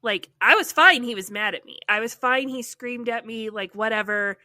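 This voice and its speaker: Bright-voiced woman telling a story. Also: a little high, moderate pace, no echo. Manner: animated, heavy use of "like". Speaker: podcast co-host. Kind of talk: casual storytelling chat.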